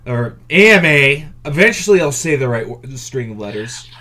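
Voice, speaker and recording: A man's voice: mid-range voice, very animated, normal speed, crowd noise. A man co-hosting a casual gaming podcast, hesitant and self-mocking, stumbling over his words. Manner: hesitant, lots of fillers and restarts, self-mocking. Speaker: podcast co-host.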